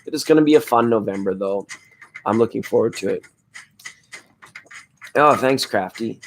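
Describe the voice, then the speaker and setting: A man with a hoarse voice hosting a laid-back late-night tarot livestream, chatting with viewers in a rambling, spiritual way. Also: on the low side, normal speed, a little hiss or hum. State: hoarse from screaming at a football game. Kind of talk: casual late-night chat reading viewer comments.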